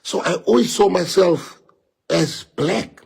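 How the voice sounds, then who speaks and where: A South African man whose first language is Afrikaans speaks in a high, husky, creaky voice at a slow pace. He's a livestreamer delivering an impassioned monologue full of rhetorical questions, his volume swinging from quiet to loud.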